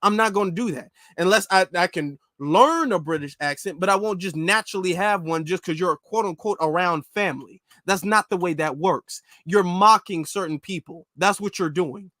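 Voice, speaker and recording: A man's voice: sits high, moderate pace, hardly any pauses, pushed and bright, dry recording, clean studio sound. An American man commentating on clips, exasperated and stammering through restarts as he argues. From United States. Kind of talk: reaction commentary.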